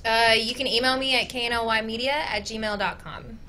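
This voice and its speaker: Upbeat higher-voiced female radio co-host. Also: a little fast, bright, forceful tone, a little hiss or hum. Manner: giggly, upbeat. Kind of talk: casual radio chat, reading announcements. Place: radio studio.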